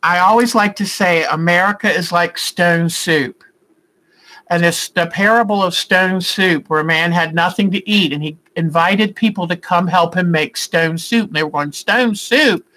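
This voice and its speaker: A middle-aged woman hosts a quilting live stream from home, chatting warmly with viewers and answering their comments in a rambling, affectionate way. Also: fairly low pitch, normal speed, rough recording. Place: indoors at home at a computer.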